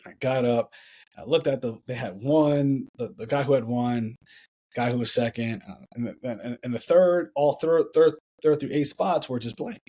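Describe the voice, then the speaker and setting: A man's voice: medium pitch, normal speed. Man telling a story animatedly. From United States. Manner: animated, repeats and restarts phrases while telling a story. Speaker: podcast guest, former Olympic hurdler. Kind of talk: storytelling in a conversational interview.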